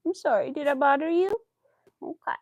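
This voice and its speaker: A woman's voice: high-pitched, fairly quick, darkish tone, dry recording. A woman crochet vlogger chatting casually to her viewers and her dog, cooing baby talk at the pet.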